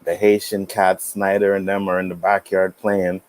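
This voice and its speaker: A man hosting a casual podcast, telling stories in an animated way, swearing freely and acting out the people he quotes. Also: low voice, normal speed, no room sound, poor audio. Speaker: podcast host. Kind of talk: casual storytelling chat.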